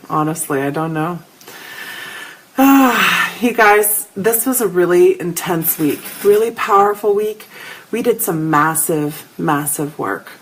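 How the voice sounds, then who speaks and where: A middle-aged woman with a lowish voice runs a spiritual live show, caught on a rough recording. She tells stories in an animated way and chats casually with viewers, naming them as she goes.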